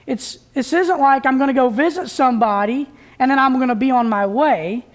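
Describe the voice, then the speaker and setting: Woman preacher, somewhat high voice, talks to the congregation in a relaxed, homespun way and restarts her phrases often. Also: moderate pace. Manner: plain-spoken, folksy, with frequent restarts. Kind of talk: conversational sermon. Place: church service.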